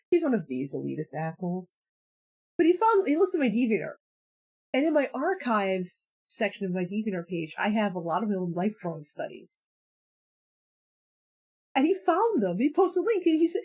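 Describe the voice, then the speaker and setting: A woman in her forties chatting casually on a live stream, telling stories in an animated way and laughing often. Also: medium pitch, normal speed, pauses often, breathy edge. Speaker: streamer and comic artist.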